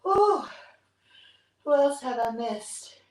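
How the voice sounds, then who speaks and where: This woman in her 60s hosts a fitness vlog and counts reps between breaths on a live workout stream, whooping with breathless, upbeat energy. Her slow voice is a little high, expressive and fairly bright, picked up by a distant mic in an echoey room.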